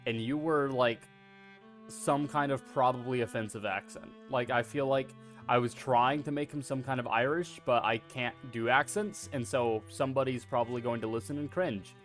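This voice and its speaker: A male streamer talking casually over faint background music while he plays a game. His voice sits at an ordinary middle pitch, and he rambles through tangents with easy profanity and self-deprecating asides. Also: normal speed. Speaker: VTuber streamer. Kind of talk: casual livestream chatter.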